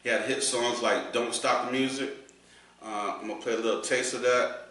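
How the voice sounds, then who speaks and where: A podcast host, rambling and restarting as he goes. His voice is bright and forceful. It sounds distant in a very echoey room with faint noise behind. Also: medium pitch, fairly even intonation, moderate pace. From New York. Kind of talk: casual podcast chat.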